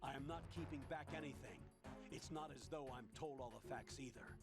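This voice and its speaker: A man voices a measured, guarded military colonel from a video game, calmly giving orders. His voice sits in a middle pitch. Game music plays clearly behind him. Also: lightly acted. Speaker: game character, radio commander.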